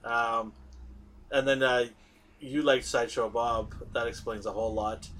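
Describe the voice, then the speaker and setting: A middle-aged man hosting a podcast in casual chat, animated, laughing often and trailing off with fillers. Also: medium pitch, measured pace, a little hiss or hum. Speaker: podcast host.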